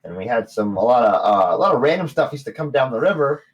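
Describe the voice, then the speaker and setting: A man voicing an excitable male gnome innkeeper who stammers and repeats himself. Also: mid-range voice, fast talker, muffled recording, voice pushed up, close to an everyday voice. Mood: flustered.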